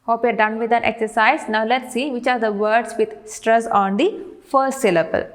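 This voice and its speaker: Brief: woman teacher, recorded class lesson, patient step-by-step delivery, a touch high-pitched. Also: fairly even intonation. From India. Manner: patient, explains step by step, reads words out slowly.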